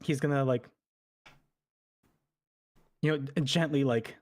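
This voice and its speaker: A man's voice: medium pitch, steady tone, takes it slowly, darkish tone. A man playing his character in a tabletop role-playing game. He talks hesitantly, with many fillers and restarts. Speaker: player.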